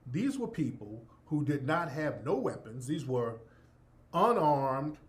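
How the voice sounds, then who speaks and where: A man's voice: mid-range voice, very animated, slow pace. A man giving an emphatic, profane, preacher-like monologue as a commentator. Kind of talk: impassioned monologue.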